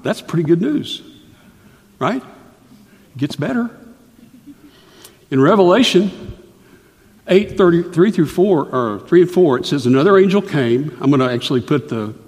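A man preaching a sermon, explaining a Bible passage in a conversational way with rhetorical questions and asides. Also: medium pitch. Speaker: Bible teacher. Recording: long hall reverb.

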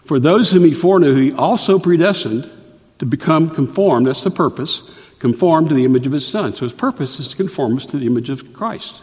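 A man's voice: a little high, expressive, fairly quick, a little mellow. A man preaching a sermon, explaining a Bible passage in a conversational way with rhetorical questions and asides. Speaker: Bible teacher. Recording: long hall reverb.

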